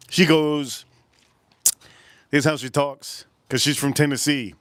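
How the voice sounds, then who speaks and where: A man spinning a story on his livestream, blunt and profane, circling back over the same words. His voice sits at a middle pitch. The sound is dry and close, with no room around it. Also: fairly even intonation, unhurried, fairly bright tone, no echo. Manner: blunt, profane, repetitive rambling. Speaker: livestream host.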